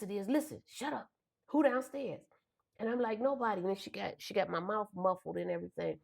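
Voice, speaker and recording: Middle-aged woman, lowish voice, tells a hard story with lots of feeling. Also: gravelly. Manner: emotional, vivid retelling, acts out voices. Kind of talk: personal storytelling.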